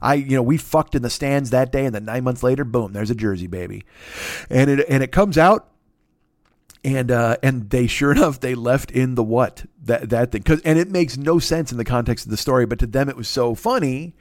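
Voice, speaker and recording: A man's voice: mid-range voice, moderate pace, dry recording, clean studio sound. Profane rambling male comedy podcaster. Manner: profane, rambling, animated, with frequent restarts. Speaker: podcast host.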